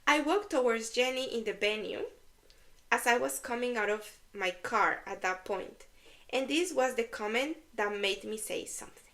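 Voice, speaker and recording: A woman with a fairly high voice reads an online story aloud as a podcast co-host. She often stops partway through to laugh and explain words to her listener in a relaxed back-and-forth. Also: moderate pace. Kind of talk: reading and discussing online stories.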